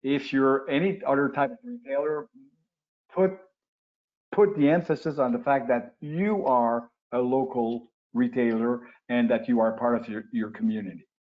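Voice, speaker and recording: A man's voice: medium pitch, steady tone, moderate pace. Older man explaining, lo-fi call audio. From Quebec, Canada. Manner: explanatory, with frequent restarts and uh fillers. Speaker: guest expert on retail. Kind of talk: webinar interview answers. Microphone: video call. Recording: lo-fi webinar audio.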